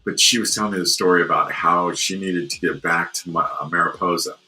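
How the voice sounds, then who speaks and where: Low-voiced guy hosting a podcast, lots of ums and restarts, bright edgy tone. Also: fairly even intonation, brisk, poor audio. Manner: hesitant, many fillers and restarts. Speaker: podcast host. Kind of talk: casual interview chat.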